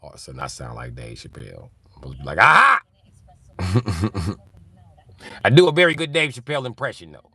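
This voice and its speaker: Lively, bright-toned man on a live stream. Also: rumbling low, rapid-fire, hardly any pauses, breathy edge. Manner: animated, laughing, profane banter. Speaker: live streamer reading chat. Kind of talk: casual live-stream chat.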